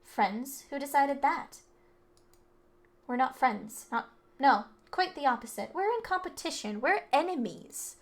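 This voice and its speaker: A woman's voice: on the high side, brisk, natural voice. Brief: haughty cold rich-kid heir, read by a woman, condescending. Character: arrogant rich teen boy heir, cold. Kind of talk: reading game dialogue aloud.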